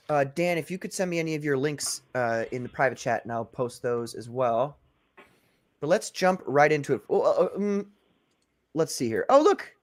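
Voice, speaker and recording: Laughing male livestream host. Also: on the high side. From Maryland. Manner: jokey, laughs often, reads chat aloud. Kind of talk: casual livestream chat.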